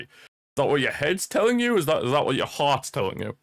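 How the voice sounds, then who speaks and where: A man's voice: fairly high pitch, huge pitch swings, brisk, gravelly, no echo. A young man hosting a football watchalong stream, rambling and chuckling as he chats with viewers over a streaming microphone. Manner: rambling, chuckles often, talks to chat. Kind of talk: casual live-stream chat.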